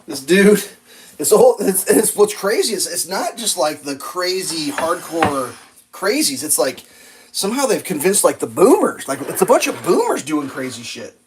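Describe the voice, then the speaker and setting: Standing at a griddle in his kitchen, a vlogger makes pancakes and rambles through loose, profane stories in casual, animated chat. His voice is high-pitched and his pace measured, and the poor audio carries a little hiss or hum.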